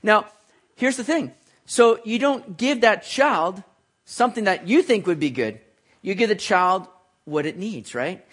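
A man delivers a sermon in a relaxed, conversational way. His voice sits high for a man, and he drops in little jokes and asides to people in the room as he teaches. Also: a little slow. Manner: conversational, jokes with listeners, writes on a board. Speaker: preacher.

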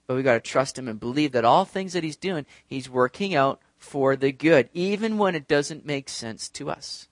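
Male pastor, high voice, dry close sound, preaches with lots of push and pull in volume. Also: moderate pace, few pauses, no echo. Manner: animated preaching, swinging between loud and soft; speaks directly to the congregation. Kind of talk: sermon.

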